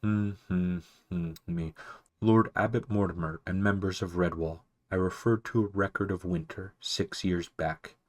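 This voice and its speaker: A man voicing an ancient male mouse archivist, wise but absent-minded, who talks softly and fussily, barely above a whisper, for a storybook reading. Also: low-pitched, fairly even intonation, measured pace. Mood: doddering. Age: older. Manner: soft, mumbling, fussy, barely above a whisper.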